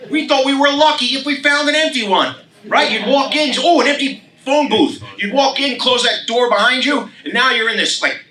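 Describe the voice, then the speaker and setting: A man's voice: very high voice, normal speed. Ranting comedian man in his sixties. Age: 60s. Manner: ranting, animated, sarcastic. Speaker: comedian host. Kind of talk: comedic monologue.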